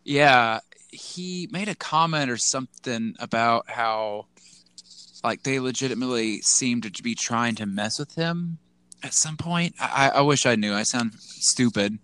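A man's voice: mid-range voice, unhurried, clean tone. A man co-hosting a casual podcast, joking and stammering as he chats. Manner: animated, joking, stammering restarts. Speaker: podcast co-host. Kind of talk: casual chat.

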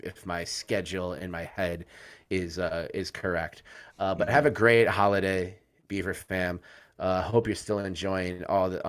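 A man's voice: low voice, fairly bright tone. A man hosting a college sports fan podcast, signing off in a loose, joking way with lots of fillers and cursing. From United States. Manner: rambling, joking, swears freely, many fillers. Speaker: podcast host.

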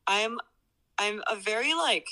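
Young woman, casual reflective chatter, bright tone. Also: mid-range voice, lively intonation, measured pace, low-quality recording. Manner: reflective, hedging with many likes. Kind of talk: casual chat.

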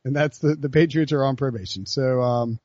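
A man hosting a casual sports podcast, talking in an animated way with lots of fillers and restarts. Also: mid-range voice, fairly quick, dry recording, dull audio. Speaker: podcast host.

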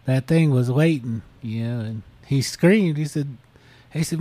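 A man's voice: mid-range voice, a little slow, warm tone. A man casually retelling a listener's story on a podcast, full of fillers and restarts. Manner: rambling, many fillers like "you know". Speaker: podcast host.

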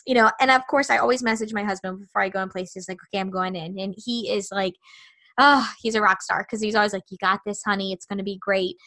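A woman hosting a podcast, telling a personal story in a chatty, animated way and acting out her own thoughts. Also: mid-range voice, fast talker. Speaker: podcast host.

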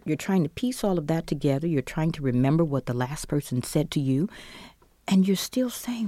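A middle-aged woman, a guest telling of her loss, swinging between loud outbursts and hushed whispers. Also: on the low side, dry recording. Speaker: interview guest, bereaved mother. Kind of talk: emotional personal testimony.

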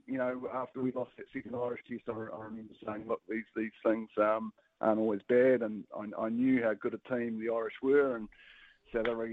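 A man's voice: fairly low pitch, dry recording. A man, a guest calling in, talking casually with hesitant restarts and fillers. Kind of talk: casual phone-in chat. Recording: phone line.

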